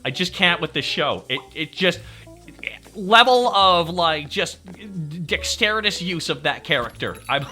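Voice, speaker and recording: Brief: male streamer, excitable and profane, very bright tone, lively pitch. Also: breathy edge, soft background music. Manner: excitable, swears freely, quick to laugh. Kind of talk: casual stream commentary.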